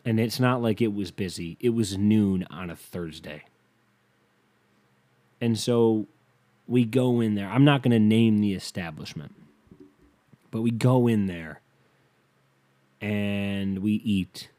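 A man's voice: fairly low pitch, takes it slowly, pauses often, mellow. A young man ranting to camera in a casual comedic monologue, swearing freely and acting out the people he quotes. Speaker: comedic vlogger.

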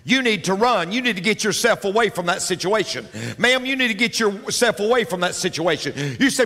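A man's voice: sits high, lively intonation, normal speed, hardly any pauses, pushed and bright. A male pastor preaching a sermon emphatically, repeating key lines for effect, in a large church. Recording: reverberant church hall.

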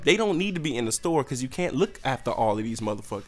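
A young man hosting a podcast, ranting in a profane, animated way with sudden jumps in pitch. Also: fast, few pauses. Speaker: podcast host. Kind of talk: solo comedic rant.

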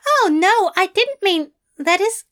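A woman's voice: lively intonation, takes it slowly, a bit bright, heavily acted. A woman voicing a fussy, nervous male angel who stammers and frets. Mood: flustered. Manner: stammering, high-strung.

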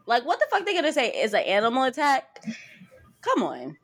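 A woman co-hosting a podcast, recapping a TV episode in casual chat, telling it with animated quotes and swearing freely. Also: sits high, fairly quick, soft background music. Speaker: podcast co-host.

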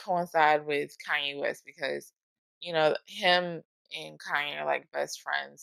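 A woman talking casually and emotionally about music, swearing often, with a gravelly voice. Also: low voice, dry recording, rough recording.

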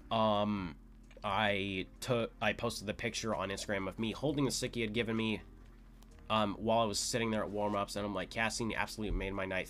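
A young man hosting a podcast, telling a story casually, excitable and full of fillers, his voice leaping up when he quotes his own shouts. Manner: excitable, lots of "like" fillers, jumps to high pitch when quoting shouts. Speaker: podcast host.

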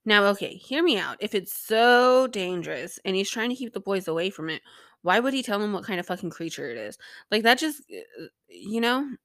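Gravelly, sarcastic young woman recapping. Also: medium pitch, very animated, normal speed, fairly bright tone, dry recording. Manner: rambling, sarcastic, frequent swearing and "like" fillers. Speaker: podcast host. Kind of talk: casual episode recap.

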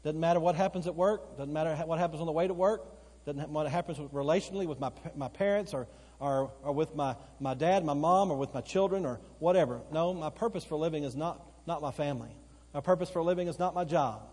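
A male pastor preaching a sermon, swinging between loud emphatic outbursts and slow, quiet, earnest stretches, repeating phrases for emphasis. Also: on the high side, slightly rough. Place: church sanctuary. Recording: long church hall reverb. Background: occasional congregation responses.

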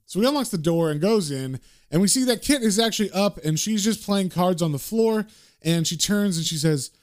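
A man hosting a casual comic book recap, retelling the story in a chatty, relaxed way. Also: sits high, moderate pace.

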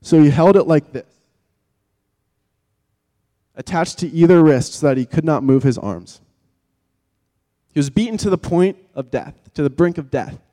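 A man preaching with a somewhat high voice, dramatic and vivid, pressing hard on key words and then falling to near a whisper. His voice rings out with a long reverb, as in a large church hall. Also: animated, moderate pace, long pauses. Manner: vivid, dramatic, swings from loud emphasis to hushed tones. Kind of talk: sermon.

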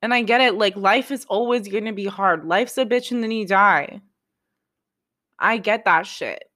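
A woman's voice: mid-range voice, normal speed, bright, forceful tone. A young woman talking to camera in a confessional vlog, raw and self-critical, swearing often and restarting her sentences. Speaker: vlogger.

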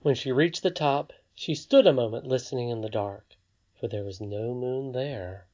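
A narrator reading a fairy tale aloud with a measured, expressive delivery. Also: mid-range voice. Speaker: audiobook narrator. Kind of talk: storybook narration. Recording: slightly dull lo-fi recording.

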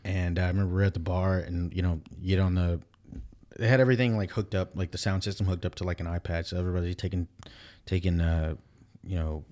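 A man with a very deep voice chats casually, telling a story in a blunt, profane way. He retells the events with animation. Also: dark tone.

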